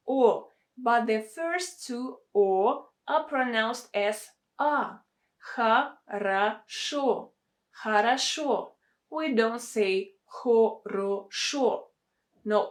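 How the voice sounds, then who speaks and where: A woman with a Russian accent, a native Russian speaker, teaching pronunciation in a deliberate way and repeating words for practice. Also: a little high. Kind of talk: pronunciation lesson.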